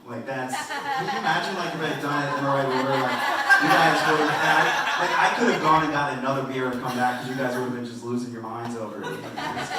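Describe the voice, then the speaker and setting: A man doing a stand-up comedy set in a club, rambling and self-deprecating, with halting restarts. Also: medium pitch. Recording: roomy and distant, faint noise.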